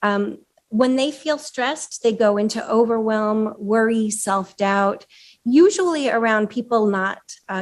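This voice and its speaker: A woman's voice: medium pitch, a little mellow. A woman presents to a small audience in a meeting room. She talks in a loose, conversational way, with fillers, and now and then she asks the room questions. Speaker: speaker at a chapter meeting.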